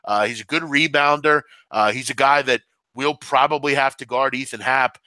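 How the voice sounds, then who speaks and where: Male betting host, animated and upbeat, bright forceful voice. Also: medium pitch, normal speed, no echo. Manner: animated, excitable, full of shout-outs. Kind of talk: betting analysis chat.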